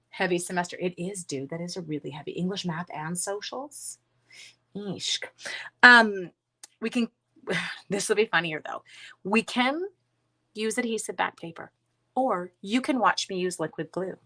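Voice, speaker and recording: A woman with a mid-range, slightly bright voice hosts a crafting livestream, chatting casually with viewers, reading their comments, and teasing herself as she works. Faint background noise is audible.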